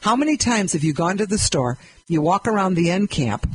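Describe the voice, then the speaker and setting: A woman who is a guest on a radio interview, explaining her ideas in an animated way and acting out little scenes as she goes. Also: lowish voice, a little fast, a little hiss or hum, low-quality recording. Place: radio studio.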